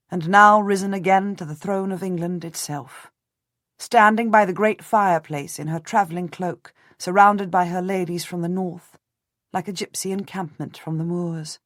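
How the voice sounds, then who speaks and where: Audiobook narrator, woman, first-person historical read; measured and composed, lowish voice. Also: no echo, studio quality.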